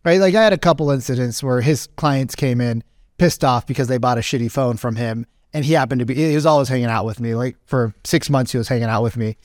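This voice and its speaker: A man in his late thirties or forties, a podcast host telling a rambling, animated story in casual talk. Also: medium pitch, quick pace, no room sound, studio quality. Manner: rambling, animated, acts out quoted voices.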